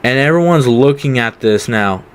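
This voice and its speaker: A man's voice: mid-range voice, expressive, moderate pace, clear, resonant tone. A young man telling a casual storytime, rambling with many fillers. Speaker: vlogger.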